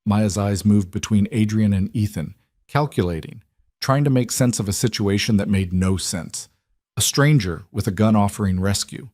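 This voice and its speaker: A man narrating a scripted dark romance story in a steady, even storytelling voice. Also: fairly low pitch, moderate pace, dry recording, studio quality.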